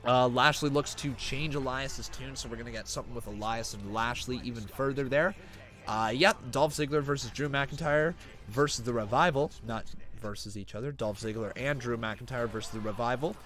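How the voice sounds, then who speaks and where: Speaking at medium pitch, this male streamer gives live reaction commentary on a wrestling broadcast as it airs. He reads viewer donations aloud between remarks and turns excitable during the major moments.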